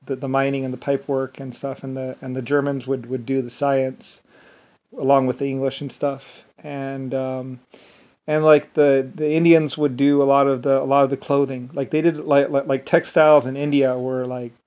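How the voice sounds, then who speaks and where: A man's voice: mid-range voice, level tone, normal speed, darkish tone. A man in a rambling casual monologue, chuckling often between phrases as a vlogger.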